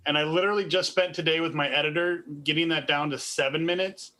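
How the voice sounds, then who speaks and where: A man's voice: on the high side, steady tone, fast talker, pushed and bright. A man in a convention panel audience, casually sharing a filmmaking anecdote. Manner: conversational, quotes his editor.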